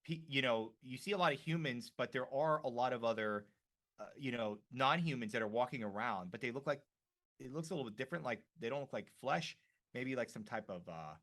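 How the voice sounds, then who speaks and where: A man narrating scenes as a tabletop game master in a relaxed way, full of fillers. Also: mid-range voice, brisk.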